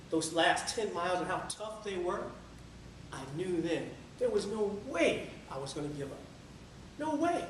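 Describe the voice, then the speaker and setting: Energetic man giving a speech, echoey room. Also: sits high. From Tampa area. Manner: energetic storytelling, sings a few lines. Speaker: public speaker. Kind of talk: motivational speech. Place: meeting room. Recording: echoey room from far off, faint noise.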